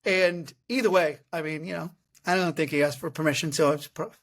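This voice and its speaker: A man in his thirties hosting a podcast, telling comic stories in a casual, animated way and often laughing. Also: a little high, a little fast. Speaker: podcast host. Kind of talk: casual comedic storytelling.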